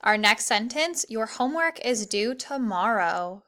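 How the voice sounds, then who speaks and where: Woman teacher, online lesson, fairly high voice, bright tone, encouraging and clear. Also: animated. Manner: clear, encouraging, reads example sentences slowly. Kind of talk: online grammar lesson for children.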